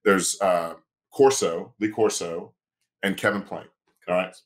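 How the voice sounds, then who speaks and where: A man, a sports agent and lawyer, telling a story on a podcast in a casual, animated way and acting out the quoted dialogue. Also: deep voice, unhurried.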